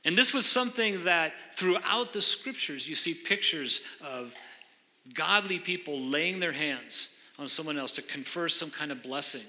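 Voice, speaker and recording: A male pastor with a high-pitched, very bright and forceful voice delivers an earnest sermon. He explains scripture and asks questions of his congregation, and his voice rings with long reverb through a church hall. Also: lively intonation, a little slow. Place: church sanctuary before a congregation.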